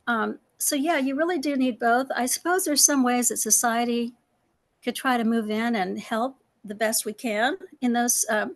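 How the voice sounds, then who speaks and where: A middle-aged woman, a panel guest, speaking earnestly and personally, with many fillers and retold dialogue. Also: a little high. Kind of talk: personal reflective talk.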